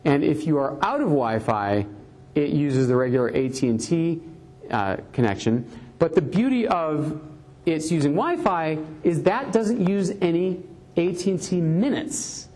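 A middle-aged man gives a live tech talk to a room, rambling in a chatty, storytelling way. He stops often on fillers and restarts, and his voice sits a little higher than most men's. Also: sing-song, a little slow, darkish tone. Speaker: tech columnist giving a talk.

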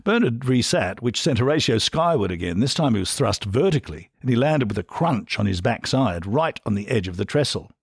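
A man's voice: medium pitch, very animated, fairly quick, few pauses, slightly rough, dry recording, studio quality. Australian man narrating an audiobook.

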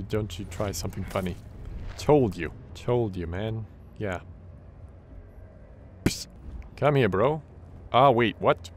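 A man commenting on a horror game, with a low voice that swings widely between scared whispers and loud outbursts. He jokes and swears a lot while he plays. Faint noise sits under his voice. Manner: excitable, swearing, jokey. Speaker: gaming channel host.

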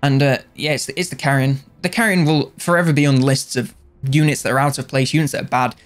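A man's voice: mid-range voice, steady tone, fast talker, soft background music. A man giving casual, jokey video game commentary, rambling and correcting himself along the way.

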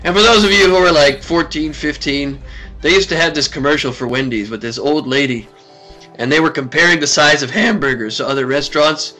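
Excitable high-pitched man playing a game. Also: moderate pace, soft background music. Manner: excitable, talks to the game, frequent laughs and exclamations. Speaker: gaming video host. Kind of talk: let's play commentary.

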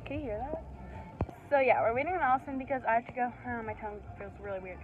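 Female vlogger, high-pitched and giggly, with clear music in the background. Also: lively intonation, quick pace, phone-quality sound. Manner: giggly, chatty, keeps restarting. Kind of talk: casual vlog chat.

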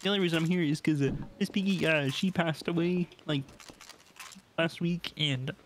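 A man's voice: on the high side, normal speed, background noise, natural voice. A man doing Kermit, a hesitant frog at the bar. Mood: mopey. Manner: hesitant, full of ums and uhs. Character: boozy frog puppet man, down on his luck. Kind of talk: improvised comedy bit on a game stream.

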